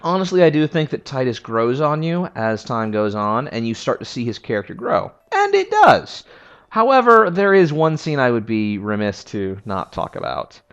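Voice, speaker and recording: Man, game reviewer, animated conversational delivery, dull lo-fi sound. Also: mid-range voice, normal speed, few pauses, clean tone. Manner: opinionated and conversational. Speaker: video game history reviewer. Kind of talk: casual video essay commentary.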